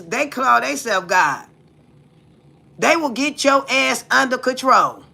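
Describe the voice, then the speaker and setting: A woman streamer from the United States talks bluntly, with plenty of profanity, and keeps firing questions at her viewers. Her voice is gravelly with heavy fry, and it sits very bright and tense at the front. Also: on the low side. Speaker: livestream host. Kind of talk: casual livestream talk.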